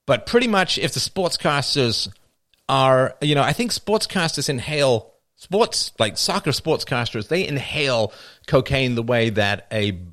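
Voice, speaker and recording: A man's voice: mid-range voice, a little slow. A man hosting a live stream, riffing through a casual comedic monologue and laughing at his own jokes. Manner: animated, joking, often laughing at own jokes.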